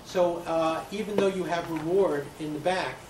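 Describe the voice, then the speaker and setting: A man in the audience of a lecture, making a hesitant, halting point from the floor. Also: on the high side, fairly even intonation. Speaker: audience member. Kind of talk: question from the floor. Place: lecture room. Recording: echoey room, distant mic, faint hiss.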